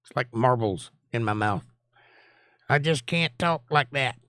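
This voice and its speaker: A man's voice: medium pitch, lively intonation, unhurried, pushed and bright, clear, resonant tone, no echo, clean studio sound. A man in his forties with a Southern US accent, hosting a livestream and chatting in a folksy way with viewers. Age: 40s. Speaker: host. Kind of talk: casual livestream chat.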